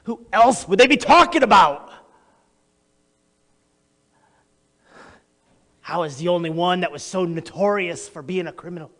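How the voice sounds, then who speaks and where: A man playing Barabbas, a manic gravelly criminal. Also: sits high, expressive, fairly quick, fairly bright tone. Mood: agitated. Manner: boastful, erratic, talks straight to the audience. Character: notorious boastful male criminal, jittery and unhinged. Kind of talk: theatrical dramatic monologue. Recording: long echoey hall reverb.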